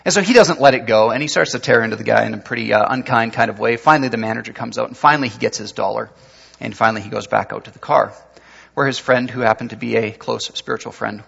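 A man preaching a sermon as pastor, telling a story that moves between lively and hushed delivery, recorded with dull lo-fi sound in a church sanctuary. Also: mid-range voice, vocal fry, husky. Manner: storytelling, shifting from animated to hushed. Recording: dull lo-fi sound with long hall reverb.

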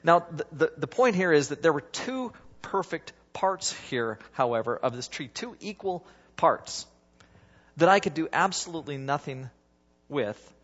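A middle-aged man preaching a sermon as pastor, with a husky voice and an emphatic style that swings between loud rises and soft drops. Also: fairly high pitch, big pitch swings, unhurried. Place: church sanctuary. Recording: dull sound with long church reverb.

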